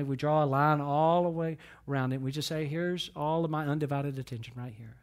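A male pastor with a fairly high voice tells a story during his sermon. He swings between loud emphasis and near whispers, often repeating phrases.

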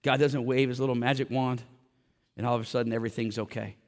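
A man's voice: medium pitch, little pitch movement, fast, big-room sound. A man preaching a sermon in a church, impassioned and direct, with a joking aside now and then. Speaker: pastor. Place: church sanctuary.

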